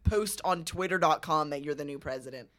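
A woman's voice: low-pitched, fairly quick. A woman co-hosting a podcast in casual chat, joking dryly. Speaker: podcast co-host.

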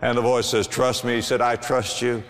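A middle-aged male pastor preaching a sermon, swinging from low, quiet asides to loud, emphatic exclamations. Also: flat delivery, normal speed, in a large hall.

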